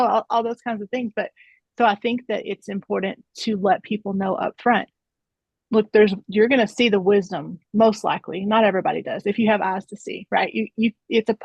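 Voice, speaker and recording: A woman's voice: medium pitch, creaky, breathy edge, no echo. A woman in her thirties or forties, talking earnestly in a casual round-table discussion and telling stories with many restarts. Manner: earnest, storytelling, frequent restarts and "right?". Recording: dull lo-fi dry sound.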